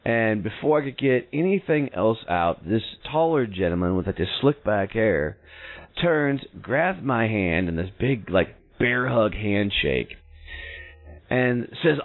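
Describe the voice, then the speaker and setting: A man in his thirties, a show host telling a personal story in an animated way, acting out the people in it. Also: medium pitch, a little slow. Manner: animated, acts out quoted voices in his story. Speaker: podcast host. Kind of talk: storytelling monologue. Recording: tinny phone-like audio.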